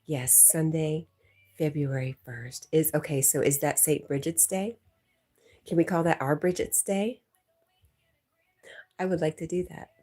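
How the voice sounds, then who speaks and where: Reading her chat aloud during a casual livestream, this host chats and laughs frequently. She speaks a little slowly and pauses often, her low, dark voice keeping a steady tone.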